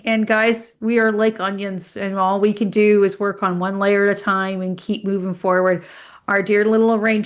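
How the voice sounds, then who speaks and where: Encouraging woman hosting a live Q&A. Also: medium pitch. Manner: encouraging, reassuring. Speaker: host. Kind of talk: motivational live Q&A.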